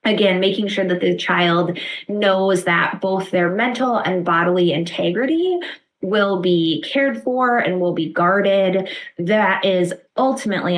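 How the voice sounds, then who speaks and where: A woman teaching a lecture on children's emotional needs, explaining calmly and often checking in with "right?", sometimes acting out short example phrases. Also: medium pitch, rough recording. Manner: explains warmly with frequent "right?" check-ins; acts out short example phrases a parent might say. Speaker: therapist lecturer. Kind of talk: instructional lecture.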